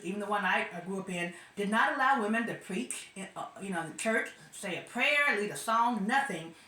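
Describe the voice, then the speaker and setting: A woman's voice: medium pitch, sharp tone, echoey room. A woman giving casual commentary as a vlogger, blunt and sarcastic, often trailing off and restarting. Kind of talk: casual opinion monologue.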